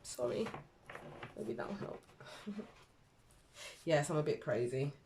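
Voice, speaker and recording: A woman's voice: low-pitched, big pitch swings, slow, vocal fry, noisy background. Chatty woman doing a tarot reading. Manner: chatty, rambling, self-deprecating, with fillers and laughs. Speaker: tarot reader. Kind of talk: casual tarot reading to camera.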